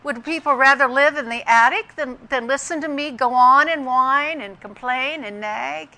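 A woman's voice: high-pitched, normal speed, pushed and bright. An older woman giving an earnest, reflective personal testimony that weaves in scripture and family stories. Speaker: speaker sharing a personal story.

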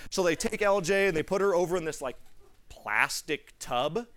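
Young male preacher, fairly high voice, lively storyteller who acts out each scene and drops to a hush. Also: normal speed. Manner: animated, acts out the people in his stories; laughs between lines, drops to a hushed tone for tender moments. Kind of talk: storytelling sermon.

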